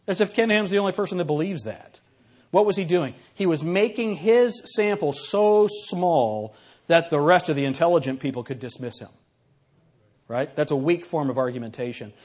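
A man giving a classroom lecture, reading examples aloud and putting questions to his audience in an animated, conversational way. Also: fairly high pitch, moderate pace.

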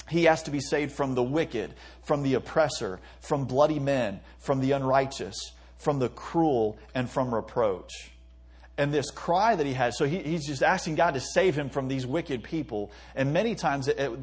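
A man's voice: medium pitch, a little mellow, breathy edge. A man preaching an earnest sermon to teenagers, reading scripture aloud and acting out heartfelt prayers. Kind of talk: sermon to youth.

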